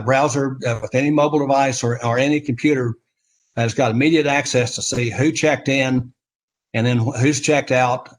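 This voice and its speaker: A man presenting a product on a webinar, talking plainly and steadily with some fillers. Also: mid-range voice.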